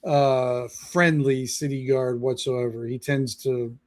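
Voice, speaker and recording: A man narrating as game master in a halting, casual way, full of fillers. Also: mid-range voice, fairly even intonation. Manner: halting, lots of fillers and restarts.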